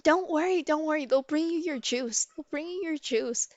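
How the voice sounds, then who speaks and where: Woman putting on a carefree little girl voice, chirpy, high up, dry. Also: normal speed, no room sound, muffled recording, lightly acted.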